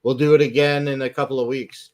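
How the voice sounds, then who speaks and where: A man's voice: medium pitch, little pitch movement, fast talker. A man hosting an online music show, bantering in a loose, profane, upbeat way.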